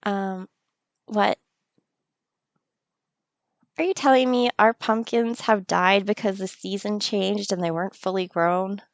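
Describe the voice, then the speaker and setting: A woman's voice: medium pitch, fairly even intonation, slow pace, long pauses, dry recording. A woman hosting a let's-play of a farming game, chatting playfully and laughing often. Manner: playful, giggly, talks to the game. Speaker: gaming channel host. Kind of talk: casual let's-play commentary.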